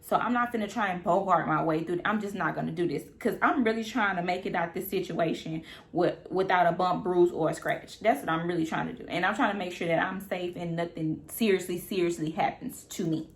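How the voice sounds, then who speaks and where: A young woman vlogger telling a story in casual, slangy talk, animated and repeating her phrases. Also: on the low side, a little fast, hardly any pauses.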